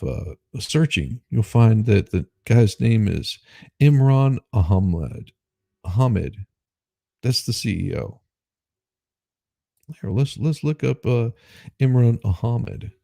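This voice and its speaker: A man's voice: mid-range voice, vocal fry, dark tone, no room sound, studio quality. A man hosting his own show, reading news articles aloud and breaking off into sarcastic, rambling asides and self-deprecating remarks. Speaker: host.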